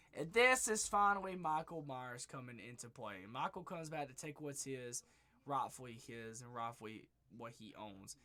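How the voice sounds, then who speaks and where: A man excitedly retelling a movie plot in a rambling, profane spoiler review, his voice going hoarse. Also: medium pitch. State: losing his voice. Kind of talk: casual spoiler review monologue. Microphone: webcam.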